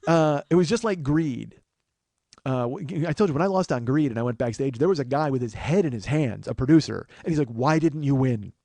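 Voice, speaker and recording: A man's voice: fairly high pitch, animated, fairly quick, vocal fry, warm tone, no echo. A man hosting a podcast, telling a long personal story in a rambling casual way, acting out what others said. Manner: rambling, with restarts and acted quotes of others. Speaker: podcast host.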